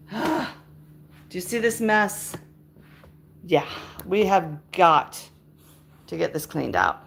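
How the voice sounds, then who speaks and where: A middle-aged woman chats casually to her live-stream audience while she moves around her house sorting things. She talks slowly and at an easy pace. Faint household noise sits behind her voice. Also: fairly low pitch, vocal fry. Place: house interior, moving between rooms.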